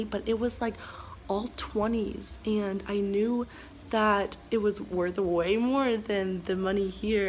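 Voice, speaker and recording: Animated young American woman telling a story. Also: mid-range voice, a little hiss or hum, poor audio. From United States. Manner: animated, self-described dramatic, heavy use of "like". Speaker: travel vlogger. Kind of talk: casual storytelling vlog.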